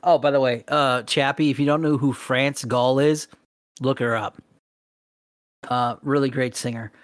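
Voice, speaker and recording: A man's voice: medium pitch, steady tone, unhurried, no echo, studio quality. A man co-hosting a podcast in casual chat, reading out fun facts and laughing often. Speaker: podcast co-host.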